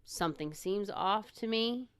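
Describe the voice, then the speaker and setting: Smooth-voiced female podcast co-host. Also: medium pitch, no room sound. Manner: measured, explanatory. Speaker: podcast co-host with her husband. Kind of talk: casual chat.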